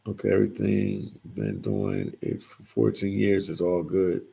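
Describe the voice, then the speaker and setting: A man with a low voice that sits deep in gravelly fry hosts a casual livestream. He reads out the chat and answers it in a loose, repetitive way, and his voice sounds husky. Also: very animated, measured pace, warm tone. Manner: reads chat comments aloud and replies, repeats phrases. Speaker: livestream host reading viewer comments.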